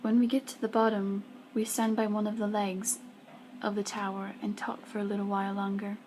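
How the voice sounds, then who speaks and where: Female student reader, soft and mellow, half-whispered storytelling. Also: mid-range voice, flat delivery, a little fast, slight background noise, poor audio. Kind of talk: reading a first-person romance story aloud.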